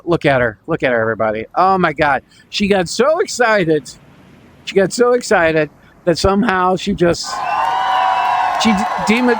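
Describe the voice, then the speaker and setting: A man hosting a casual podcast from a virtual reality space, teasing his co-host and joking with the listeners. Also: sits high. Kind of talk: casual chat.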